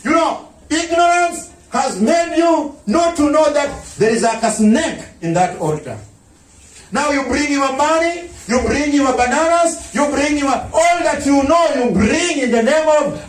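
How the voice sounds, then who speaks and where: High-voiced pastor preaching in an echoey hall. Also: male voice, expressive, measured pace. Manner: preaching with shouts and mocking impressions. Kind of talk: sermon. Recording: echoey room, mic at a distance.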